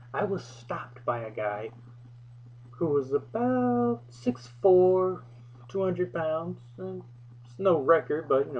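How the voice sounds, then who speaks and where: A man's voice: mid-range voice, lo-fi sound. Wry young man telling a story. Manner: wry and self-deprecating. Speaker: vlog host. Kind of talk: casual storytelling.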